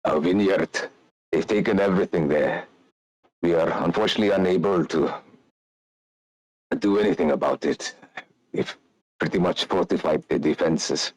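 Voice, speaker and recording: A man's voice: sits low, normal speed, long pauses, darkish tone, no room sound, low-quality recording. A man voicing a weary old vintner who heads his family, pleading in old-fashioned speech. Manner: gruff, pleading, archaic speech.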